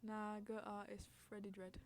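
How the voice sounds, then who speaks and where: A woman's voice: mid-range voice, completely flat delivery, normal speed. A young woman hosting a casual chat podcast on stream, rambling, giggling and reading out chat messages.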